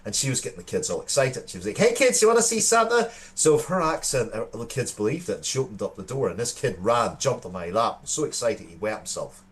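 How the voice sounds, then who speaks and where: Irish male co-host, thirties, low register, sincere storyteller. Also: lively intonation, fast talker, hardly any pauses. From Ireland. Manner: earnest storytelling with frequent restarts. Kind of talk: casual chat.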